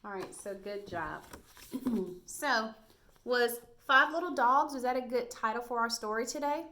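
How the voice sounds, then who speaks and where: A woman teacher leads a reading lesson for small children on video. She talks slowly and encouragingly, sounding out each word with care. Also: a little high, pushed and bright. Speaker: first grade teacher.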